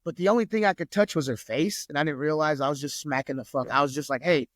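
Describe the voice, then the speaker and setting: A man's voice: a little high, fast, fairly bright tone, no echo, studio quality. Easygoing profane man in his thirties. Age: 30s. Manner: loose, profane, lots of "like". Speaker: podcast guest. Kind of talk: casual storytelling.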